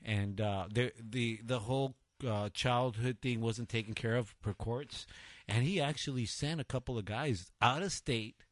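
A middle-aged man co-hosting a radio talk show, animated and joking, swearing freely in casual banter. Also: mid-range voice, unhurried, no echo. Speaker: co-host.

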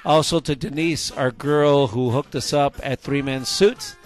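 A middle-aged man co-hosting a casual radio talk show, loose and rambling, giving shout-outs into a studio mic. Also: medium pitch, a little slow, faint music behind. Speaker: co-host.

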